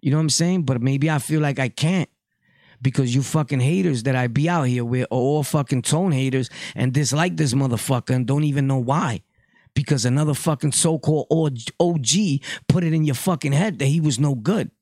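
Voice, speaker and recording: A man's voice: medium pitch, fairly quick, a little mellow, no room sound, clean studio sound. A Puerto Rican man hosting a podcast, delivering a blunt, profane casual monologue. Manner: blunt, profane street talk. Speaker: podcast host.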